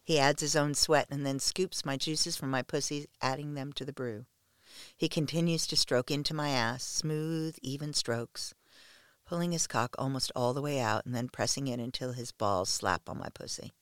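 A man reading a first-person story aloud in a slow, hushed, measured way. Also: medium pitch, fairly even intonation, clean tone, dry recording, clean studio sound.

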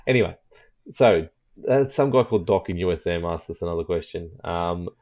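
A man's voice: low voice, expressive, fairly quick, darkish tone. A man hosting a casual gaming podcast, teasing his co-hosts and laughing often as he talks. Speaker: podcast host.

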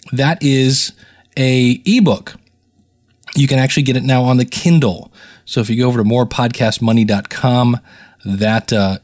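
A man's voice: medium pitch, darkish tone. An American man hosting a podcast in a chatty, rambling, self-deprecating way. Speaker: podcast host. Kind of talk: casual solo podcast talk.

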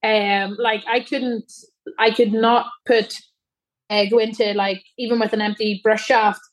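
A woman's voice: on the high side, level tone, a little slow. A young woman from Ireland, a guest athlete chatting casually, laughing often and rambling with lots of fillers. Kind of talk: casual chat.

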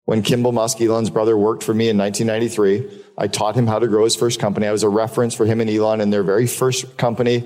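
A man's voice: on the low side, level tone, fast talker, darkish tone. Profane man giving a keynote in a hall. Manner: candid and profane, repeats for emphasis. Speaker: keynote speaker. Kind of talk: live business talk with storytelling. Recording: long hall reverb.

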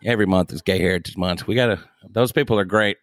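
A man's voice: low voice, fast talker, no room sound. A man co-hosting a sports podcast, joking and irreverently teasing the others. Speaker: podcast co-host. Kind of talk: casual sports chat.

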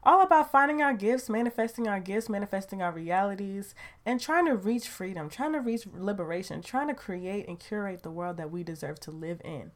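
A woman's voice: mid-range voice, expressive, a little fast. A woman hosting her podcast in a chatty, playful way, talking from her bedroom at home into a mic. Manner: chatty and playful, with laughs and slang. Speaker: podcast host. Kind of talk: casual podcast monologue. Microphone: home recording mic.

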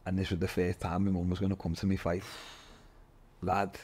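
A man, a guest telling his story in an animated, casual way, swearing and calling everyone lad. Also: sits low, a little fast, breathy edge. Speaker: podcast guest, MMA fighter.

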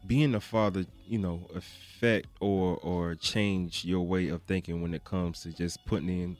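A man hosting a casual interview, asking questions in a relaxed, easygoing way. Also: sits low, a little slow, soft background music. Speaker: interview host.

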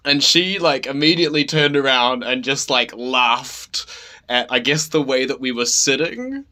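Brief: man, podcast co-host, bright tone, halting and rambling. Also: mid-range voice, lively intonation. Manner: halting, rambling storytelling with many restarts. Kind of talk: casual chat.

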